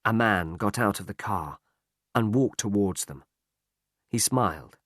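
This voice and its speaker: A man narrating a story aloud in a slow, clear, expressive reading. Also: fairly low pitch, no room sound, clean studio sound.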